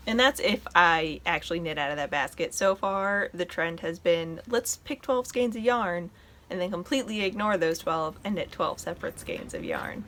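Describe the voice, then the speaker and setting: A woman's voice: lowish voice, normal speed, fairly bright tone, a little hiss or hum. A woman hosting a knitting podcast, chatting casually and enthusiastically as she shows her projects at home. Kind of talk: casual show-and-tell chat.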